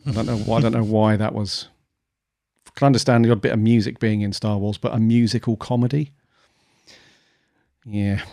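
A man's voice: on the low side, level tone, moderate pace, long pauses, dark tone. A man co-hosting a podcast in casual chat, musing aloud with many fillers. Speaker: podcast co-host.

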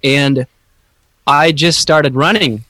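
A man talking slowly and haltingly in a reflective podcast conversation, searching for his words. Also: a little high, steady tone, sharp tone, no echo.

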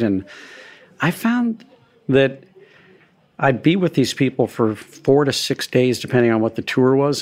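A middle-aged man talks in an easy, anecdotal way, a restaurateur recalling his early days with a touch of self-deprecating humor. His pitch sits in an ordinary middle register, unhurried and conversational. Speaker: restaurateur guest. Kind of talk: conversational storytelling interview.

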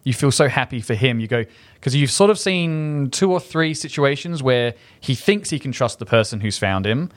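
A man's voice: medium pitch, lively intonation, moderate pace. A man co-hosting a film review chat, talking enthusiastically and with self-deprecating humour. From Australia. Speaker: film review podcast co-host. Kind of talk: casual chat.

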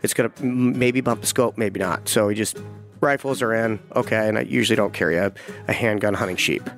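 A hunting guide telling a tense first-person story, vivid and halting, with frequent restarts. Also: male voice, fairly low pitch, soft background music.

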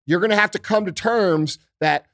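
A man's voice: high voice, moderate pace, a bit bright, dry recording, clean studio sound. Intense swearing man ranting on a podcast. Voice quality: intense, heavy swearing, repetitive rhetorical questions. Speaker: podcast host. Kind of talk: profane political rant.

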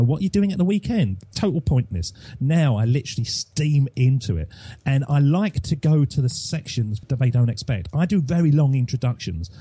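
English podcast guy talking enthusiastically, warm mellow voice, a little husky, dry close sound. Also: mid-range voice, no room sound. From England. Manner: enthusiastic, emphatic storytelling. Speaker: podcast host and guest. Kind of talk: casual interview chat.

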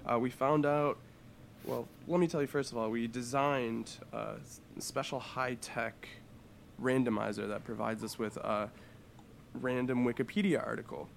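A man's voice: mid-range voice, fairly even intonation, moderate pace, gravelly, slight background noise. A man co-hosting a comedy podcast, joking and rambling with lots of fillers. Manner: jokey, rambling, with many fillers. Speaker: podcast co-host. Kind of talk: casual comedic podcast chat.

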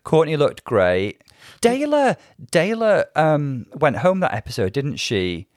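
A man's voice: medium pitch, lively intonation, measured pace, no echo, clean studio sound. A man co-hosting a casual chat, talking things through in a thoughtful, analytical way. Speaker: podcast co-host.

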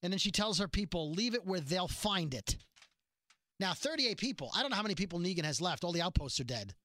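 A man casually recapping a TV episode, animatedly acting out the quoted lines. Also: high-pitched. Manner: animated retelling with quick quoted voices. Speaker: podcast host recapping a TV episode. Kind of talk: casual chat.

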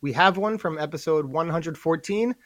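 A young man with a New York accent, co-hosting a podcast in an energetic, hyped-up chat. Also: on the high side, moderate pace, no room sound. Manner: energetic, hyped-up promo delivery. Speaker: podcast co-host.

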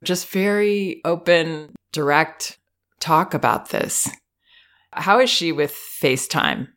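A woman host giving parenting advice in a calm, measured, reassuring way. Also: low voice. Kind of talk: advice consultation.

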